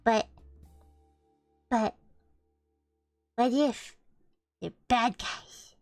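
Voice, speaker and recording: High lively young woman joking around on stream, dry sound, faint music behind. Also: drawn-out words, no echo. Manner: playful, animated storytelling. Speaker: co-host. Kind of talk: casual chat.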